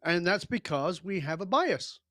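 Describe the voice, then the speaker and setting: A man with a fairly high voice talks as a guest on a podcast. He is blunt and emphatic and swears casually. The recording is dry and close. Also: expressive, a little slow, pushed and bright, no echo. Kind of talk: podcast interview.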